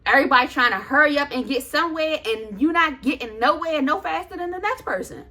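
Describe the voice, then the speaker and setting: Woman, vlogger, casual rant, sarcastic, sassy, high-ish voice, very lively pitch. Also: a little fast. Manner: animated, loose and chatty.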